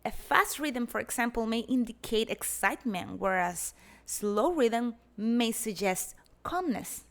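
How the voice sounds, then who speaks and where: Measured woman lecturing. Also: fairly high pitch, expressive, a bit bright. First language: Spanish. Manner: measured, explanatory, demonstrates examples aloud. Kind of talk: academic lecture narration.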